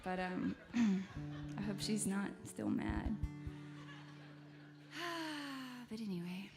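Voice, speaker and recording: A woman singer-songwriter talks casually between songs from a live venue stage, rambling along with self-deprecating humor. Her voice sits at an ordinary middle pitch. Faint instruments linger behind her on the stage mic. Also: big pitch swings, measured pace, vocal fry, music in the background.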